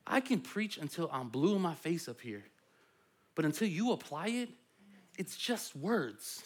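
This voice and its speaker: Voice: mid-range voice, sing-song, a little slow, breathy edge. A pastor and parent preaching a sermon in a conversational, playful way. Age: adult parent.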